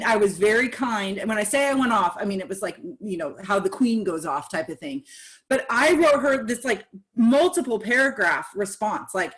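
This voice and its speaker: A woman speaking candidly in a casual podcast conversation, animated and acting out the reactions of others. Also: medium pitch.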